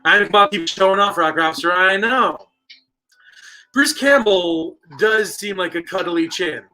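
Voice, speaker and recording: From a store basement with stone walls, a man hosts a live online trivia night in a high, slow voice that sounds pushed and bright, and the recording is rough. He keeps things casual, playful and jokey, reading viewer answers aloud and teasing the chat.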